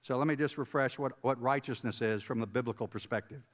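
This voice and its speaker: A man's voice: mid-range voice, fast talker. A man preaching a conversational sermon, emphatic, repeating words and putting questions to his listeners. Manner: emphatic, repeats words, chuckles, asks the audience. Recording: long reverb of a large hall.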